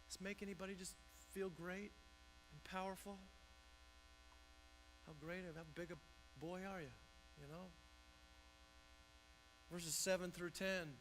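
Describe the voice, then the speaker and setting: A man's voice: high-pitched, fairly even intonation, measured pace, pauses often, fairly bright tone, a little hiss or hum, poor audio. A man pastor preaching a conversational sermon in a church, often restarting and repeating words.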